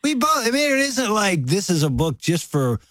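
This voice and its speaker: A man's voice: high-pitched, big pitch swings, normal speed, fairly bright tone, a little hiss or hum. A middle-aged man co-hosting a casual conversation with his wife, easygoing and teasing, often laughing. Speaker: co-host. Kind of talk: casual conversation between spouses.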